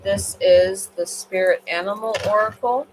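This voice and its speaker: A woman's voice: mid-range voice, measured pace, a little hiss or hum, rough recording. A woman doing a casual tarot card reading on a livestream, rambling and chatty, tired late at night.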